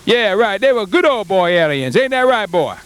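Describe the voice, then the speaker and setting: A man's voice: sits high, very animated, moderate pace, a bit bright, smooth, no echo. A man playing a boastful rural farmer in a comedy sketch, rambling and stumbling over his words. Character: boastful rural male farmer, middle-aged, folksy.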